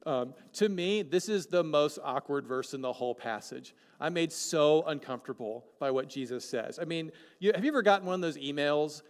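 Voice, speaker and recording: Animated joking pastor preaching. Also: male voice, on the high side, normal speed, few pauses. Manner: animated and joking, with many questions to the congregation. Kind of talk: sermon. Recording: long hall reverb.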